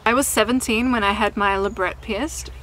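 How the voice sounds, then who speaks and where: A young woman talks to her camera outdoors in a relaxed, candid vlog. Her voice is bright and clear, at a middle pitch. She laughs easily and swears offhandedly. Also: moderate pace, a little hiss or hum, rough recording. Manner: chatty, candid, laughs often, swears casually. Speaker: vlogger and singer. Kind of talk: casual chat to camera. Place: outdoors in sunshine.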